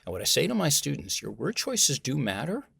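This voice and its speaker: Husky, gravelly American man. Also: fairly high pitch, brisk, dry recording. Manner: animated and emphatic, acts out example voices. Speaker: communication professor, interview guest. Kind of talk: conversational interview.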